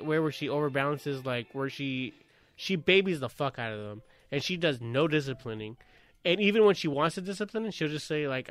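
Profane, animated man telling a story. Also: fairly high pitch, clear, resonant tone, no room sound. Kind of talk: casual chat.

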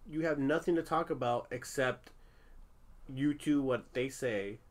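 A man's voice: medium pitch, measured pace. A man in his thirties, a parent chatting casually with his family, telling a story candidly, with lots of swearing and fillers. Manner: candid, profane, animated storytelling. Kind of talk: casual podcast chat with family.

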